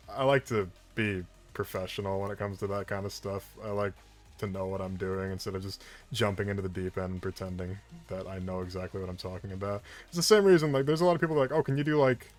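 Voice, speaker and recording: A man's voice: low voice, fairly quick. A man who voices characters, chatting animatedly on a livestream and often restarting his sentences. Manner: animated and talkative, with frequent restarts and laughs. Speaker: voice actor. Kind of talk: casual chat on a livestream.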